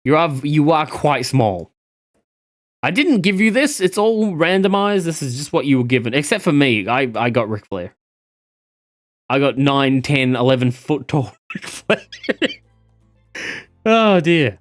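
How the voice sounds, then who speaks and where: A man streaming a game, chatting casually with viewers, animated and cursing freely. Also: fairly high pitch, measured pace, long pauses, faint music behind. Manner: animated, swearing, laughing at the game. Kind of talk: casual live-stream chat.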